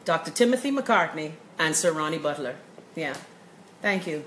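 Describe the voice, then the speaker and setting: A woman's voice: low voice, animated, normal speed, fairly bright tone. A woman with a Bahamian accent hosting a live-stream, chatty and upbeat, greeting viewers by name as she reads their comments. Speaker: host of a live show. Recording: echoey room with faint noise.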